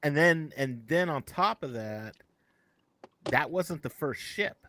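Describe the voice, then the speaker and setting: Animated, rambling man chatting on a live show. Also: a little high, takes it slowly, dry recording. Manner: animated, rambling, self-correcting. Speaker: podcast co-host. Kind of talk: casual live show chat.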